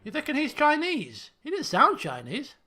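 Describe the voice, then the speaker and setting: A man's voice: extremely high pitch, huge pitch swings, normal speed, sharp tone, faint music behind. A man streaming a game, thinking aloud in casual commentary and repeating himself as he works things out. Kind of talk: casual let's-play commentary.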